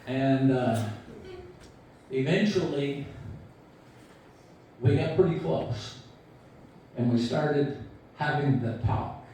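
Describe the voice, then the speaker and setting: A man in his sixties delivers a eulogy at a memorial, slowly and in a mellow voice. He tells anecdotes about a friend in an easygoing way, quoting him with light chuckles. He is recorded from far off in a very echoey hall, with faint room noise behind him. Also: medium pitch. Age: 60s. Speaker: eulogy speaker.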